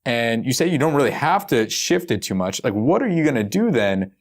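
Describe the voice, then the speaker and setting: A man's voice: mid-range voice, very animated, fairly quick. A man hosting a podcast interview, asking eager, rambling questions. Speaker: podcast host.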